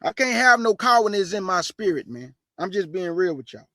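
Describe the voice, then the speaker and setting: A man's voice: sits high, very animated, a little fast, bright, forceful tone, dry recording, clean studio sound. A man preaching a fiery sermon, speaking in a blunt, streetwise and combative way and reading scripture aloud with rising emphasis.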